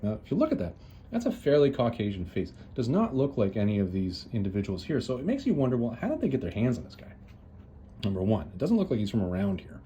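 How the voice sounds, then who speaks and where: A man's voice: mid-range voice, big pitch swings, fast, warm tone, slight background noise. A man casually retelling a story as a host, chatty and loose, with lots of "uh"s and restarts. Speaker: comics reviewer, host.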